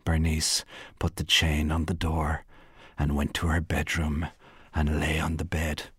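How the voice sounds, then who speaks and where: Low husky man reading a story. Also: no echo, clean studio sound. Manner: measured, even storytelling. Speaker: reader of a short story. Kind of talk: literary reading.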